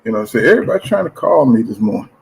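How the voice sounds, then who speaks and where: A man's voice: medium pitch, big pitch swings, very fast, creaky, a little hiss or hum, rough recording. A man hosting a casual boxing chat show, talking in slang, often saying "you know what I'm saying" and reading out viewer comments.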